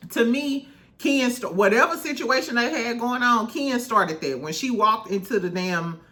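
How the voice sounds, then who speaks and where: A woman's voice: on the high side, moderate pace, pushed and bright. A woman recapping a reality show in casual chat, candid and swearing freely, laughing often.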